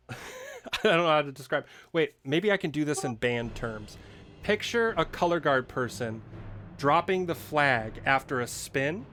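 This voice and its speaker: Playful game master, slightly high voice. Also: male voice, a bit bright. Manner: playful, laughs often, acts out monsters. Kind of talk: running a tabletop game, explaining rules.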